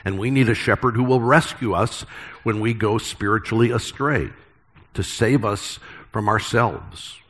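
A middle-aged man preaching a sermon as pastor, earnest and emphatic with deliberate pauses. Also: on the low side, fairly bright tone.

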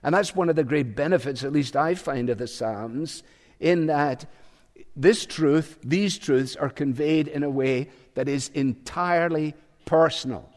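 Slow, measured male preacher in a hall. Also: on the high side. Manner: measured and reflective, pausing often with fillers. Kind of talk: sermon. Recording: long hall reverb.

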